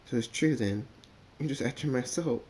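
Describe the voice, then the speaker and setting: A man voicing an excitable young filly pony, high and squeaky, tearful and pleading. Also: moderate pace, slight background noise, natural voice.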